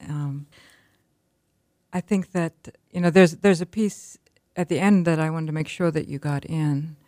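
Low-voiced woman interviewer, hesitant. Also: fairly even intonation, a little slow, mellow, dry recording, studio quality. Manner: hesitant, with many restarts. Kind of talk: conversational interview.

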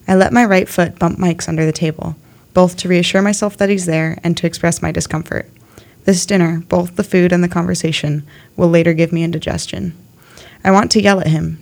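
A young woman of eighteen reading her own literary essay aloud in a steady, measured way. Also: on the low side, gravelly. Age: young adult.

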